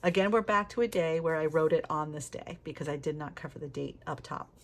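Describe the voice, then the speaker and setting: A woman's voice: low-pitched, fairly quick. A middle-aged woman chatting candidly while flipping through her planner, laughing often and swearing casually. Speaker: planner vlogger. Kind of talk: casual flip-through chat.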